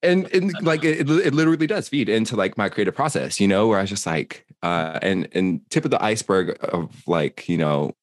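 A man's voice: lowish voice, animated, brisk, hardly any pauses, dry recording, studio quality. A young man co-hosting a casual chat, talking in a loose, rambling way. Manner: rambling, many fillers and restarts. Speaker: podcast co-host.

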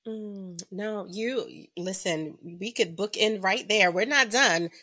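A woman podcast host who interviews her guest, affirming and encouraging with frequent soft backchannels. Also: medium pitch, slow. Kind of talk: interview chat.

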